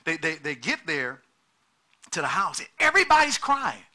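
A man preaching a sermon in an animated way, repeating words and acting out the people he quotes. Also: fairly high pitch, moderate pace.

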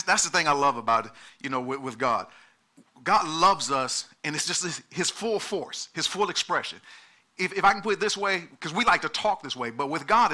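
This sermon comes from a middle-aged pastor whose voice is high for a man and whose tone is very bright and cutting. Repeating words and appealing to those in front of him, he presses each point.

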